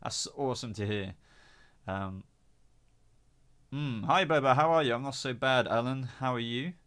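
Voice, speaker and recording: A young man with a head cold hosts a live stream, chatting casually as he reads out comments. His voice sits mid-range and sounds smooth and resonant. He rambles and restarts his sentences with plenty of fillers. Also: mid-range voice, moderate pace, fairly bright tone. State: has a cold.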